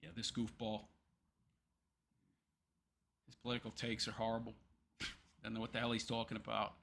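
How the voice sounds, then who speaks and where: Bright-voiced rambling male streamer. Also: fairly low pitch, completely flat delivery, normal speed, creaky, pauses often. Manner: rambling, hesitant, many ums and restarts. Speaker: livestream commentary host. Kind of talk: casual livestream commentary.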